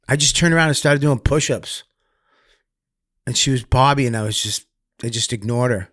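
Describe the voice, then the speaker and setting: A man's voice: mid-range voice, normal speed, long pauses, dry recording, studio quality. Profane man telling stories. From Massachusetts, US. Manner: profane, animated, acts out quotes loudly. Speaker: guest comedian. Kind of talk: candid storytelling interview.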